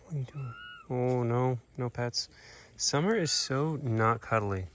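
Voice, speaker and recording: A man's voice: medium pitch, lively intonation, measured pace, a little hiss or hum. A man who keeps an animal sanctuary, chatting casually to his birds and pigs outdoors, coaxing and scolding them in a playful baby-talk way, recorded on a handheld phone. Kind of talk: casual vlog talking to animals. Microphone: phone held in hand.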